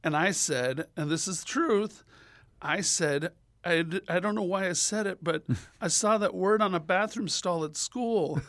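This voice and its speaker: Animated storytelling man, dry close sound. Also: measured pace, dry recording. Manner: animated, acts out voices with big pitch jumps. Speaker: radio guest.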